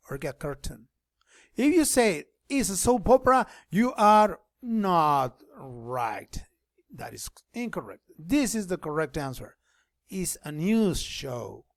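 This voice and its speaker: A man teaching an online class, explaining things slowly and switching between English and Spanish. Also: high-pitched, dry recording, studio quality.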